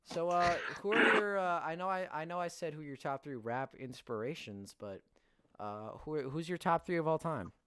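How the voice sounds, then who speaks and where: A man's voice: on the high side, moderate pace, bright, forceful tone. A young man hosting a casual podcast interview, asking questions hesitantly with many fillers. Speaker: podcast host.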